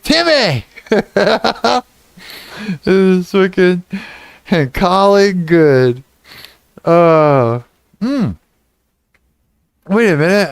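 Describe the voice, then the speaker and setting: Slow-talking giggly man on a livestream. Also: on the high side, clean tone, dry recording. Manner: giggly, swears a lot, reads chat aloud. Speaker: livestream host. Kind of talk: casual livestream chat reading comments.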